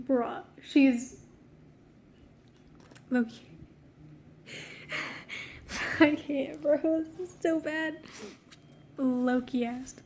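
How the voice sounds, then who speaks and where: A high-voiced woman reading her own childhood story in an unhurried, easygoing way. She keeps breaking into giggles and poking fun at her writing between sentences. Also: steady tone, darkish tone. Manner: giggly, self-mocking, breaks off to laugh. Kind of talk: casual reading with joking commentary.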